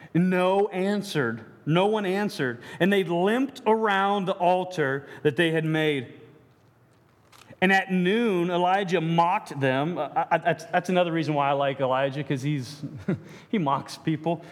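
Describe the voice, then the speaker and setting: High-voiced preacher man in a reverberant hall. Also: a little slow. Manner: reads scripture aloud, then riffs with jokes and self-deprecating asides; frequent stammered restarts. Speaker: pastor. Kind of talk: sermon.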